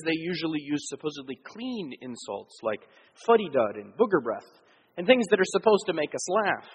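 A man's voice: high voice, husky. A man preaching a sermon as pastor, explaining earnestly with frequent fillers. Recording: long hall reverb.

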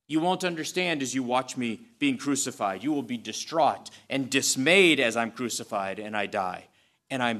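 A man's voice: mid-range voice, fairly bright tone. A man preaching a sermon in a conversational but emphatic way, repeating phrases for stress and adding touches of humor. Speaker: pastor.

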